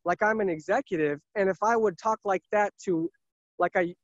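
A man's voice: high voice, normal speed, no room sound, dull audio. A man who sells cars, talking earnestly and emphatically in a casual interview, often repeating himself. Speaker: car salesman.

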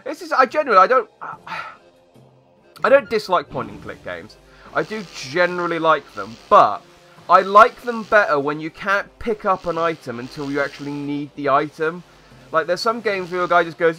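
A man's voice: a little high, sing-song, normal speed, sharp tone, faint music behind. A young man giving sarcastic, rambling commentary while playing a video game. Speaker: gaming YouTuber. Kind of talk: sarcastic let's-play commentary.

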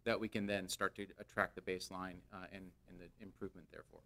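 A man's voice: sits low, flat delivery, quick pace, bright, forceful tone. A man speaking as a company executive to the board, earnest, with repeated words and hesitant fillers. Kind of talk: formal business remarks.

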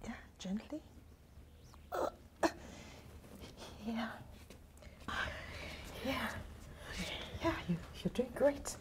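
An actress playing a patient aide who coaxes and encourages, speaking softly and slowly. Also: female voice, on the high side, expressive, background noise. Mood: encouraging. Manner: soft, coaxing, encouraging. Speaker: caregiver helping the daughter walk. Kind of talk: Nollywood film drama.

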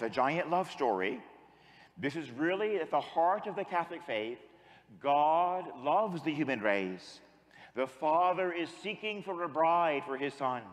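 A male priest preaches with a lively, swooping voice that keeps rising and falling. His pitch sits a little high for a man, and his words ring through a hall with a long echo. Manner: animated storyteller, acting out quotes. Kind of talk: sermon.

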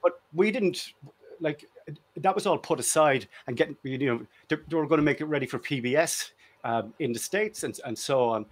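A man's voice: on the high side, fairly quick. A man, a guest in a casual chat, telling jovial, self-deprecating anecdotes. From Ireland.

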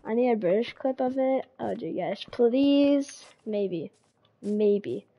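A woman's voice: fairly high pitch, expressive, slow pace, dark tone, breathy edge, muffled recording. Chatty streamer woman with a cold. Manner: chatty, repeats herself, greets chat. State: slight cold. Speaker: game streamer. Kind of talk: casual live-stream chat.

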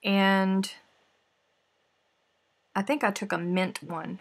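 A woman's voice: mid-range voice, fairly even intonation, slow. A woman hosting a live stream, chatting playfully with viewers and answering their comments while she snacks. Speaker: crochet livestream host. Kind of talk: casual livestream chat with viewers.

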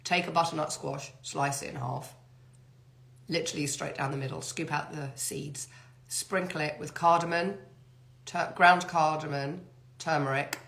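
A middle-aged woman runs a live question-and-answer session, reading greetings aloud and chatting through the answers. Her voice sits a little low and carries a trace of a fading cold. She talks close to the mic. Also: steady tone, moderate pace, creaky, a bit bright. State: getting over a cold. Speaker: host answering viewer questions. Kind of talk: live Q&A chat reading out comments.

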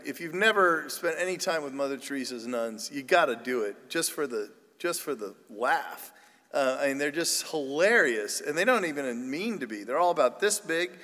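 A man's voice: a little high, sharp tone, in a large hall. A man, a priest, giving a humorous, chatty sermon with a self-deprecating streak and frequent restarts. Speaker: priest giving a parish mission talk. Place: church.

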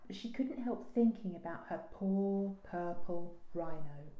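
A woman librarian reading a children's picture book aloud with slow, expressive storytelling. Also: mid-range voice, slight background noise. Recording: roomy echo.

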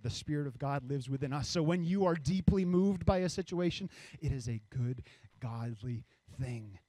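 A man's voice: mid-range voice, dark tone, no room sound. A man preaching a sermon as pastor, reading scripture and acting out the voices of people in the story.

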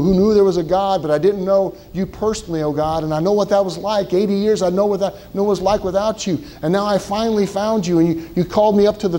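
A man's voice: high-pitched, mellow, rough recording. A male pastor preaching a sermon, retelling a scripture story dramatically in first person with many repeated words. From Southwestern Ohio.

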